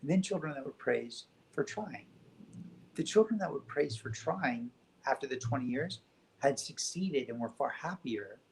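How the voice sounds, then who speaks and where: A man speaking as a guest on a spiritual talk show, telling stories in a gentle, reflective way. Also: medium pitch, gravelly, rough recording.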